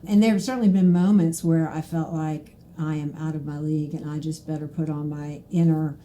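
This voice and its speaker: A woman from Mississippi, hosting a casual podcast interview and telling stories in an animated way, laughing often. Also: sits low, brisk, hardly any pauses. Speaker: podcast host.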